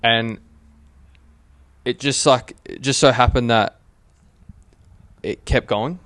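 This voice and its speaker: A young Australian man on a podcast, telling a relaxed story and calling people "bro". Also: medium pitch, slow pace, no echo. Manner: laid-back storyteller, says "bro". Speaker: podcast co-host. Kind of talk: casual chat.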